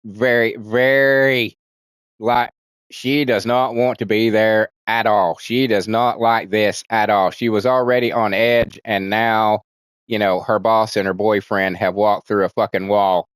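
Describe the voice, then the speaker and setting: Recorded cleanly with no room sound, a man with a voice on the low side recounts a movie plot in a relaxed, unhurried way. Swearing and rambling, he keeps restarting sentences and performs the characters' lines in livelier voices.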